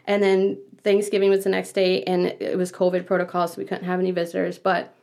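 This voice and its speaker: A woman's voice: on the low side, fairly quick, creaky. A woman in her thirties, a podcast guest, retelling a personal story with feeling and acting out what others said. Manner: emotional, animated retelling with quoted voices.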